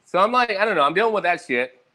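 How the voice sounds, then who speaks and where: A young man in a loose, profane ramble, tired and a bit hungover. His voice sits somewhat high and swings widely as he tells his stories. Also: fast talker. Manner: profane, rambling, animated storytelling. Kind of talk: casual rambling monologue.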